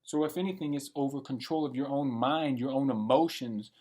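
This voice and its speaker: A man's voice: medium pitch, fairly quick, a little mellow. A man in his late twenties giving a blunt, profane and rambling monologue for his vlog. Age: late 20s. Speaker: vlogger. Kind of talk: unscripted rant monologue.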